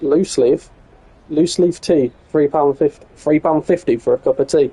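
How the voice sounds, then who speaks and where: A man's voice: a little high, moderate pace, warm tone, husky, low-quality recording. An English man talking casually to himself and his viewers while live-streaming a train game, chatty and muttering with some swearing. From England. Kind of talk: casual gameplay commentary.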